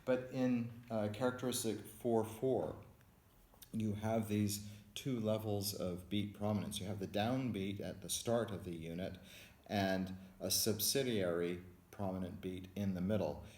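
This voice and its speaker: A man's voice: lowish voice, steady tone, measured pace, a little mellow. A man teaching music theory in a recorded lecture, explaining methodically step by step as he writes out notation. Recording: echoey room with faint background noise.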